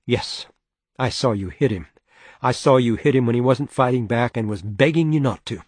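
A man voicing a young woman who is furious and indignant, speaking in a sharp, accusing way with his voice pitched up. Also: normal speed, husky, no echo, lightly acted. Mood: angry, accusing.

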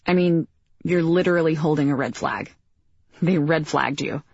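A woman voicing a playful teenage girl who teases in a dry, deadpan way. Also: low voice, moderate pace, breathy edge, dry recording, lo-fi sound. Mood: teasing.

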